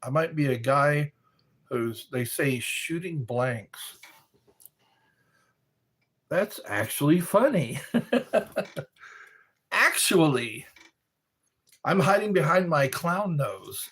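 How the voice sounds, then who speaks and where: A man's voice: a little high, expressive, extremely slow, long pauses, fairly bright tone, breathy edge. A man in casual chat, rambling and joking as he reads questions aloud and answers them.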